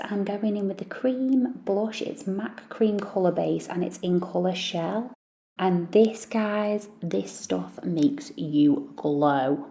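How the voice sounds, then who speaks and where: A woman chats through her everyday makeup routine like she's talking to a friend, poking fun at herself as she goes. Her voice sits low with a gravelly edge, and the tone is mellow and dark rather than bright. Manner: chatty and self-deprecating. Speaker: beauty vlogger, mum. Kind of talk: makeup tutorial chat.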